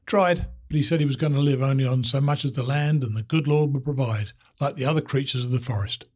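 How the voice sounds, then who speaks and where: A man's voice: medium pitch, fast talker, a little mellow, natural voice. A man doing a wry, teasing trail veteran. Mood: wry, joking. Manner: dry teasing humor. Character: wry, easygoing male trail veteran joking over coffee.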